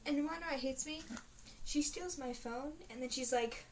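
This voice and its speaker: A teenage girl rambles through a casual video diary, dramatic and full of fillers. Her voice sits high and moves at normal speed. The mic is a bit distant and there's a faint hiss.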